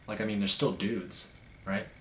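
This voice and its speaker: A man's voice: fairly low pitch, fairly even intonation, normal speed, a little hiss or hum. A young man talking blunt, profane and emphatic in a casual monologue as a podcast host. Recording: echoey room.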